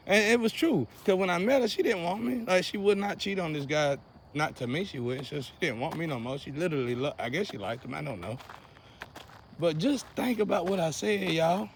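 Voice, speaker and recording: A young man rants outdoors, his voice high and gravelly with a rough fry. He preaches and repeats himself, jumping from loud outbursts down to low muttering. Faint noise and night insects hum behind him. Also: animated, moderate pace. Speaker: vlogger. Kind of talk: casual rant to camera.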